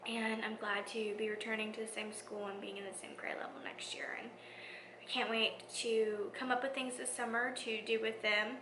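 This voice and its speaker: A woman schoolteacher talking in a reflective vlog, soft and heartfelt, often dropping to a near whisper. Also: fairly high pitch, level tone, moderate pace, noisy background. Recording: echoey room.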